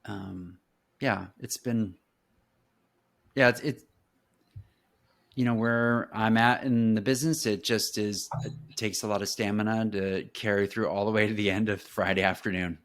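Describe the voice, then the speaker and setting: A man co-hosting a leadership podcast over a call, speaking in short, halting remarks. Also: lowish voice, steady tone, a bit bright. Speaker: podcast co-host. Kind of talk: casual podcast conversation.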